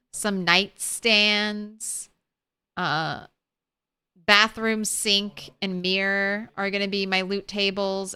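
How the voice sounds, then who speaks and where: A woman's voice: medium pitch, pushed and bright, clear, resonant tone. A woman streamer chatting casually while she plays, thinking aloud and laughing easily. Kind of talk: casual gameplay commentary.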